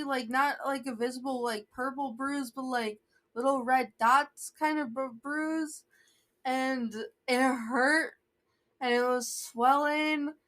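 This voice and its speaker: Young woman vlogger with a high voice, chatty storytime delivery that keeps wandering off track. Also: a bit bright. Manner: rambling, sidetracked, self-interrupting. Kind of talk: rambling storytime vlog.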